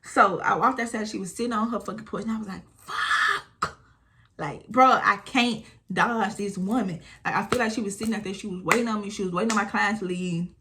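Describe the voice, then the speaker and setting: Young woman, 20s, casual storytime vlogger, animated and blunt. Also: medium pitch, quick pace, hardly any pauses, a little hiss or hum. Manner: animated retelling, acting out quotes, frequent swearing.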